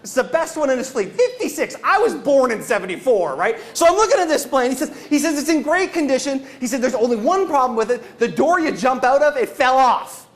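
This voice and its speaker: A man telling stories on stage as a motivational speaker, animated, with shouted bursts and stammering restarts. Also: very high voice, fairly quick, few pauses. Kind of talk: energetic stage storytelling. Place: stage before a live audience.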